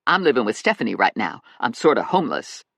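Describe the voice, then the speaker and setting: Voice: mid-range voice, big pitch swings, fast, vocal fry, a bit bright, no echo, clean studio sound, heavily acted. A narrator voicing a brash, self-assured woman friend in an audiobook, emphatic and dramatic. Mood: sassy.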